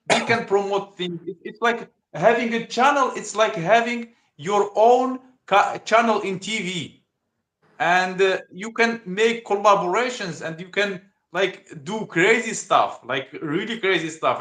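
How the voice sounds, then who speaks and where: An Algerian man with a high voice chats casually as a livestream host. He halts often and restarts his sentences while hunting for words. The sound is roomy and echoey. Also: sharp tone. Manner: halting, searching for words, many restarts.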